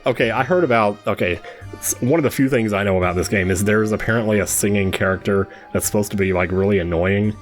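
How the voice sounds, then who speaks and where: A man's voice: fairly low pitch, quick pace, soft background music. Chatty man riffing over a game. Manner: chatty, joking, reacts with laughs. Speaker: game streamer. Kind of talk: casual blind playthrough commentary.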